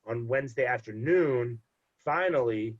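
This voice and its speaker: A man's voice: medium pitch, measured pace. A young man, a podcast guest, telling a story casually and acting out the dialogue, on dull lo-fi audio. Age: young adult. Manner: animated, quotes others in dialogue.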